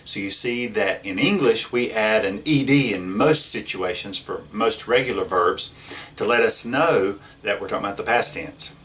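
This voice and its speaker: A man teaching a Spanish grammar lesson at a whiteboard, slow and patient, often checking in with the class. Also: lowish voice, fairly bright tone. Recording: echoey room, mic at a distance.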